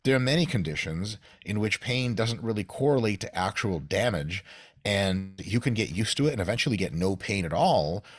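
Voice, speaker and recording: A man in his thirties, from Russia, talking as a guest on a casual podcast. His voice sits a little low and sounds close and dry. He swears freely, jokes around and explains at length. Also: lively intonation, normal speed, no room sound. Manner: profane, joking, explains at length.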